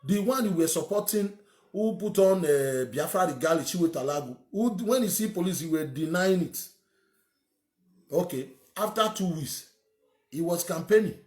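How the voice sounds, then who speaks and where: A man's voice: sits high, expressive, normal speed, darkish tone, roomy sound. A man with a Nigerian accent giving an opinionated monologue as a political commentator, emphatic and ranting, firing off rhetorical questions.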